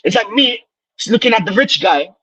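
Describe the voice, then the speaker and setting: A man's voice: high voice, lively intonation, moderate pace, bright, forceful tone, slightly rough, no room sound, low-quality recording. A man calling in to a fan show, ranting heatedly and repeating himself to drive his points home. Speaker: caller. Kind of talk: casual chat.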